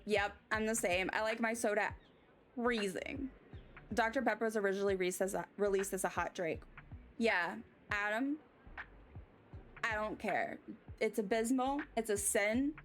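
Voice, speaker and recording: A woman's voice: mid-range voice, steady tone, a little slow, long pauses. An American woman streamer chatting casually with her chat, rambling and self-mocking, reacting to comments as she plays. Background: faint background music.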